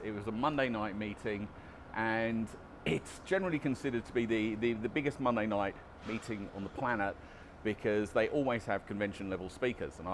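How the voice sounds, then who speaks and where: A man's voice: on the low side, fairly bright tone, a little hiss or hum. A man vlogging casually outdoors about recovery, chatty and self-deprecating, often restarting his sentences. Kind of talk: casual vlog monologue.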